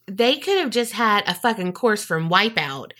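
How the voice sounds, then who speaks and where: A woman's voice: medium pitch, normal speed. A woman co-hosting a casual true crime podcast, reacting with outrage, swearing and acting out quotes. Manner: animated, swears, acts out quotes. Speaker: podcast co-host.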